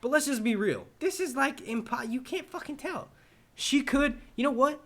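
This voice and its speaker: A man's voice: very high voice, expressive, moderate pace, a bit bright. A man answering viewer questions on a live stream in a casual, rambling and profane way.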